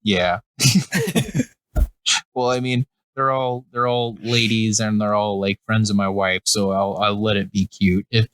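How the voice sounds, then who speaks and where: A man's voice: lowish voice, level tone, a little slow, a bit bright, clear, resonant tone, no echo, low-quality recording. A young man co-hosting a comedy podcast, chatting casually, rambling and swearing freely with frequent laughs. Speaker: podcast co-host.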